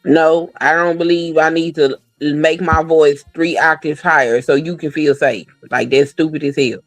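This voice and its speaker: A woman's voice: low voice, moderate pace, no echo, faint music behind, low-quality recording. Woman on a podcast going off, cussing, telling stories all fired up, dry close sound. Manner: blunt and profane, animated storytelling. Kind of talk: casual podcast chat.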